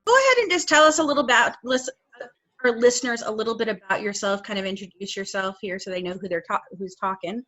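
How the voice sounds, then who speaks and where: A woman's voice: fairly high pitch, expressive, fast talker, bright, forceful tone. A woman hosting a podcast, chatting casually with her guest and laughing easily. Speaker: podcast host. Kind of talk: casual interview chat. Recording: slightly dull lo-fi sound.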